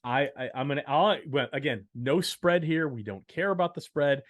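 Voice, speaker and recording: A man's voice: a little high, normal speed, no echo, highs cut off. A man co-hosting a podcast, upbeat as he announces football picks, with dry asides. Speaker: podcast co-host. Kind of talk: casual sports-picks chat.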